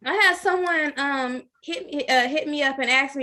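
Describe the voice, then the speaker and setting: A woman's voice: sits high, normal speed, sharp tone. A woman co-hosting a casual group podcast, speaking indignantly with profanity. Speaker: podcast co-host.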